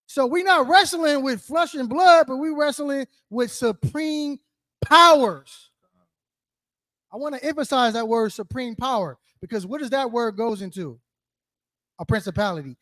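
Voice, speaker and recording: A man teaching a group in an interactive sermon, his voice sitting high. He talks in slang, keeps asking "right?", and calls on people by name. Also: fairly bright tone. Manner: calls on listeners, asks questions, repeats answers; slangy, emphatic, rhetorical "right?". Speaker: teacher leading a scripture study.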